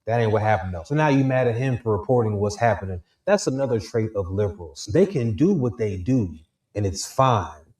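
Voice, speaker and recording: A man's voice: medium pitch, lively intonation, normal speed, warm tone. A man giving emphatic, mocking commentary on a clip. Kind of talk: casual commentary. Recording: roomy echo, distant mic.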